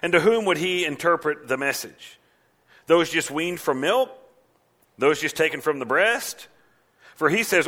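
A man preaching a sermon as a pastor, animated, sometimes mimicking mocking voices. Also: on the high side, normal speed.

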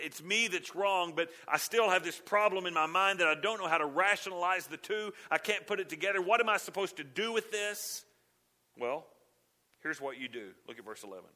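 Man, pastor, sermon, bright tone, fairly high voice, earnest. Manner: earnest, questioning, reads scripture aloud.

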